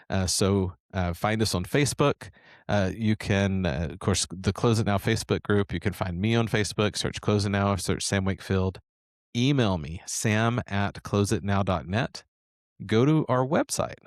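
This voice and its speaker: A man's voice: on the low side, no echo, studio quality. A man hosting a sales coaching show, telling a story and promoting a training series in an enthusiastic, rambling way with frequent restarts. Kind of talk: casual sales coaching talk.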